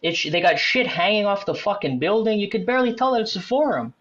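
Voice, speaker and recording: A man's voice: high-pitched, fast, fairly bright tone, dull audio. A man, a superfan guest ranting profanely in casual podcast chat. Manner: profane, ranting fan banter.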